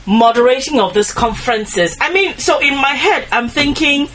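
A woman interviewing a guest in casual talk, animated, agreeing eagerly and laughing often. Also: sits high, normal speed. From Nigeria.

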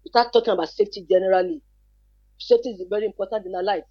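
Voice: medium pitch, big pitch swings, very fast, creaky, no room sound. A guest talks emphatically about protecting children, hammering points home with rhetorical questions. The audio is dry and a little dull. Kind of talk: earnest advice on a talk show.

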